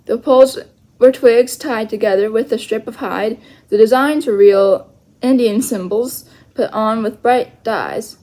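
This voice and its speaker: A woman reading a children's chapter book aloud, slowly and carefully, with small self-corrections. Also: fairly high pitch, mellow. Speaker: storyteller.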